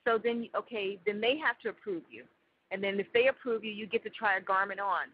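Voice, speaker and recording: A woman's voice: mid-range voice, steady tone, a little fast, husky. A woman guest in an interview, telling a vivid story with many fillers. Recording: dull lo-fi audio.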